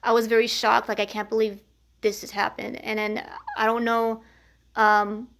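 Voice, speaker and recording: A woman's voice: a little high, flat delivery, normal speed, gravelly, fairly bright tone. A woman vlogger telling a personal story to camera in a candid, earnest way, often restarting sentences and swearing casually.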